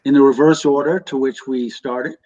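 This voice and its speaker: A man's voice: mid-range voice, steady tone, moderate pace, warm tone. A man in a comedy sketch, giving fussy notes to a group rehearsal. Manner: fussy, explanatory, chimes in. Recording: dull lo-fi sound.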